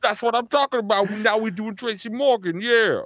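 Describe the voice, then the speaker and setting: A man's voice: sits high, normal speed, fairly bright tone, no room sound, pitched above the performer's own voice. A man doing a pouty, apologetic comedian. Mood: pouty crude. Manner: pouting, apologetic drawl.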